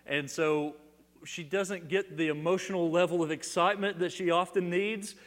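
A middle-aged male pastor preaching a sermon with dynamic swings between loud declarations and hushed emphasis, often repeating words as he restarts a phrase. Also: high-pitched, steady tone, moderate pace. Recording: long hall reverb.

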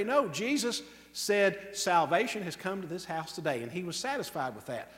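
A man preaching a sermon emphatically, drawing out key words slowly and tossing off quick asides. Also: high-pitched, very animated, fairly bright tone, in a large hall. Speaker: pastor.

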